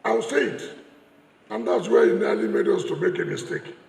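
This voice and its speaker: A man's voice: high voice, animated, normal speed, gravelly, a little mellow. Combative Nigerian man in an echoey hall. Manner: mocking, repeating phrases for emphasis. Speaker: politician giving a speech. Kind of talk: combative political speech.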